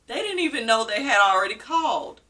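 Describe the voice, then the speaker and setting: A woman's voice: fairly high pitch, very animated, a little fast, bright, forceful tone, far from the mic. A woman vlogger telling a personal story in a casual, emotional way, often repeating herself. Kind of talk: casual story-time vlog.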